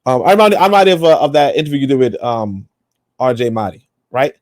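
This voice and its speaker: A man's voice: medium pitch, very animated, fast, a little mellow, dry recording, studio quality. A man co-hosting a podcast, talking in a rambling, emphatic, profane way. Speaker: podcast co-host. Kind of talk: casual opinionated chat.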